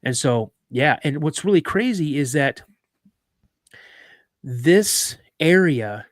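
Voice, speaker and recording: A man's voice: fairly high pitch, expressive, normal speed, no room sound, studio quality. A middle-aged man hosting a live podcast, telling a story casually, with many restarts and stammers. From Minnesota. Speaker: podcast host.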